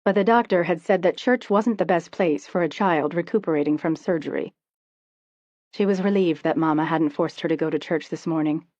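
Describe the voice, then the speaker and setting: A woman's voice: lowish voice, dry recording. Woman narrating an audiobook, dull lo-fi. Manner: steady, measured reading.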